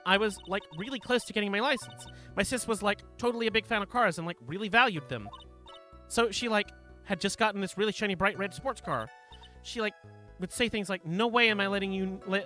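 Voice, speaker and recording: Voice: mid-range voice, fairly quick, pushed and bright, faint music behind, natural voice. A streamer voicing a ditzy valley-girl young woman from a courtroom game, filling every sentence with "like". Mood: whiny. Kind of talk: reading game dialogue aloud.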